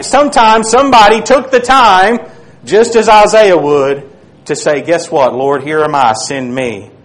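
A man preaching a sermon, reading scripture aloud and dropping to a hush on key phrases. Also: sits high, poor audio.

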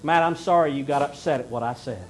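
A middle-aged man preaching a sermon in earnest, rising to loud emphasis and then dropping to a hushed plea. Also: mid-range voice, fast talker, slight background noise, rough recording. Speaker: pastor.

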